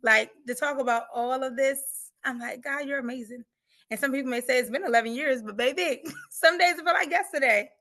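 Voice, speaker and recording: A woman's voice: high voice, fairly quick, hardly any pauses, a bit bright. A woman guest and grief coach giving a fervent, preachy faith testimony, often laughing and repeating phrases for emphasis.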